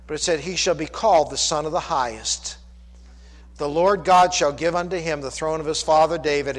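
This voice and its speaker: A man's voice: a little high, fairly bright tone. A man preaching a sermon as pastor, building fervor with repeated refrains. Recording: long church reverb.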